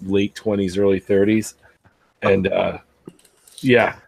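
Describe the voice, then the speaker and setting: A man with a fairly low voice tells a rambling story on a podcast, quoting people as he goes. The sound is close and dry, with little room around it. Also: flat delivery, slow pace, gravelly, darkish tone, slightly rough, no echo. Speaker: podcast co-host. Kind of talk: casual chat.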